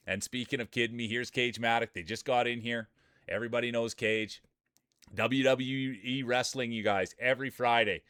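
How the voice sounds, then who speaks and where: Male stream host calling marble races, jokey and excitable, dry close sound. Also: medium pitch, dry recording. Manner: jokey, excitable, laughs often while talking. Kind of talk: casual live-stream commentary.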